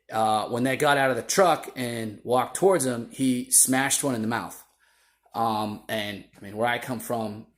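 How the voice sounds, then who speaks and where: A man casually recounting a roadside run-in, animated and quick to act out the people he met. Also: mid-range voice. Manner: animated, acts out shouting voices in quotes. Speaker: storyteller. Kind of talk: casual storytelling.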